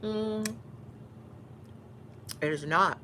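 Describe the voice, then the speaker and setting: A woman's voice: medium pitch, extremely slow, noisy background. A woman from Houston with a Texan Southern accent, chatting casually while eating on camera, teasing and mock-bossy. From Houston, Texas. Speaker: YouTuber.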